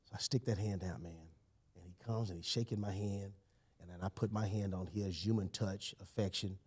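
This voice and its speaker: His voice sits low and is slightly rough, moving at a moderate pace. As a guest on a podcast, he tells a personal story in a casual, animated, emphatic way, repeatedly saying "you know" and "man."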